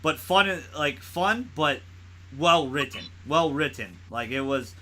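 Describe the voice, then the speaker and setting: Bright-voiced young man chatting casually. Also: fairly high pitch, animated, takes it slowly. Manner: rambling, laughs often, swears. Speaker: podcast co-host. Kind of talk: casual movie chat.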